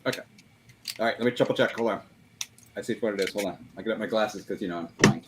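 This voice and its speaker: A man's voice: on the low side, quick pace. A man hosting a casual livestream, chatting and joking with guests while he works on old computers, laughing often. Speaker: livestream host. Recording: noisy livestream audio.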